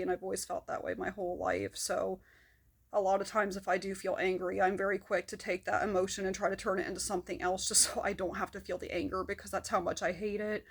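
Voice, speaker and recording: A woman talking candidly to camera about her own experience, rambling a little, with fillers and soft laughs. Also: mid-range voice, flat delivery, fast talker, gravelly, breathy edge. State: shaky hands, feeling manic. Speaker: video blogger. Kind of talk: personal talk to camera.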